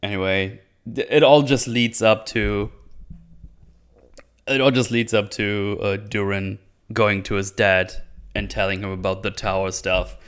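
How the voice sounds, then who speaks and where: A man's voice: fairly low pitch, fairly even intonation, a little slow, a bit bright, clean tone. Male reviewer, casual profane rant, sarcastic mockery. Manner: profane, sarcastic, mocks characters in silly voices. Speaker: video reviewer.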